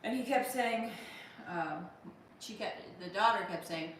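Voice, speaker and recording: A chatty woman hosts a casual live stream at home, reading out viewer comments and laughing often. Her voice sits at a middling pitch and sounds a little off-mic. The room is echoey, with noise behind her. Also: unhurried, far from the mic. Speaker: livestream host.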